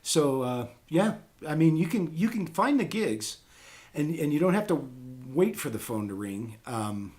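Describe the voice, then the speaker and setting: A man's voice: a little high, big pitch swings, unhurried, a little mellow. A middle-aged man talking casually on a podcast, rambling with many ums and restarts.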